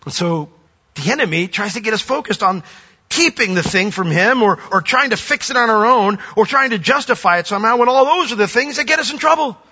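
A man's voice: sits high, lively intonation, fairly quick, bright, forceful tone, husky. An older man preaching a sermon as a pastor, earnest and conversational. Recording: dull reverberant hall.

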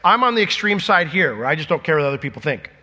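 A middle-aged man preaching a sermon, lively and joking, acting out imagined conversations before dropping to a quieter, earnest tone. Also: on the high side, fast, big-room sound. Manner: animated, jokey, acts out imagined dialogue.

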